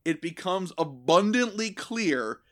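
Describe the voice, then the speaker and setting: Male podcast host, slightly high voice, animated and profane comic storyteller. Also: slow pace. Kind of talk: casual comedic chat.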